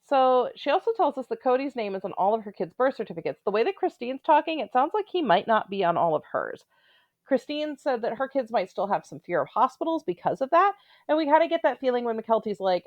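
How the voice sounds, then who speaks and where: A woman's voice: on the high side, very animated, quick pace, dry recording, highs cut off. A woman giving casual, opinionated commentary on a reality show, with blunt, sarcastic asides.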